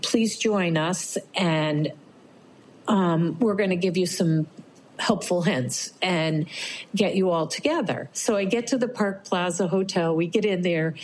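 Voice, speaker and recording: A woman's voice: on the low side, a little slow, a little hiss or hum, rough recording. A middle-aged woman telling a personal story to an interviewer, acting out what others said. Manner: animated, acts out quoted voices.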